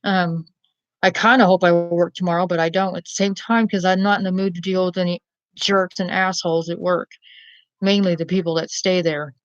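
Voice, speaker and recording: A woman's voice: lowish voice, steady tone, a little fast, no room sound, muffled recording. A woman vlogger rambling bluntly to camera in a profane rant, often asking "you know what I mean?".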